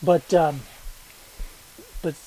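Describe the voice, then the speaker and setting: A man's voice: fairly high pitch, steady tone, very slow, mellow, a little hiss or hum, low-quality recording. A man co-hosting a podcast who chats casually and laughs often. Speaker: podcast co-host. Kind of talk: casual chat.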